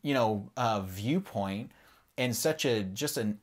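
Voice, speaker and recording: Earnest, low-voiced man telling his story. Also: animated, slow. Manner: earnest, rambling, swears freely. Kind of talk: candid personal testimony.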